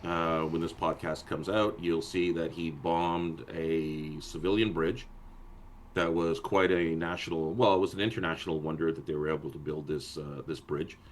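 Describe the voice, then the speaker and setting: Low male voice, casual podcast co-host, animated and joking, talks over others. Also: normal speed, a little hiss or hum. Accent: anglophone Montreal French. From born in London, raised in Canada. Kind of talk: casual chat.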